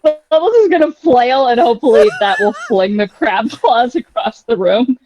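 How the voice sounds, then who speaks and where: A woman playing a tabletop game, lively and quick to laugh. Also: fairly high pitch, shouting, noisy background. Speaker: player. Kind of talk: casual game-table chat.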